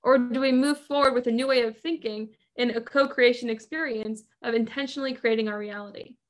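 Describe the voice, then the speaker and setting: A woman's voice: a little high, fairly even intonation, brisk. A woman hosting a podcast, coaching listeners in an emphatic motivational monologue full of repetition and rhetorical questions. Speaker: podcast host and business coach.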